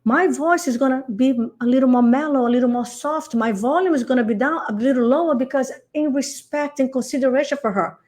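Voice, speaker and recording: Animated woman. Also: high-pitched, a little fast, few pauses. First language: Portuguese. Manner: animated, acts out phone calls, says darling. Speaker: real estate coach. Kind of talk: podcast interview.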